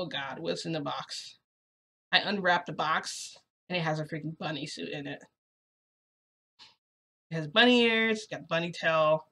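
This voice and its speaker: A young woman casually telling a story as a vlogger, chatty and excitable, often saying "freaking". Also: sits low.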